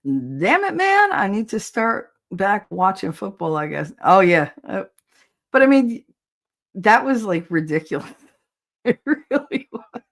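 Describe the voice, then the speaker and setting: Hosting a casual livestream, this New Jersey woman speaks slowly, her medium-pitched voice full of lively intonation. She reads chat comments, talks bluntly, curses, and frequently breaks into laughter.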